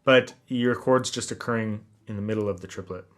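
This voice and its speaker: A man giving a classical guitar lesson, explaining technique in a relaxed way and counting beats aloud. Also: fairly low pitch, a little fast. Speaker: guitar teacher. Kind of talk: instructional lesson talk. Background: classical guitar playing.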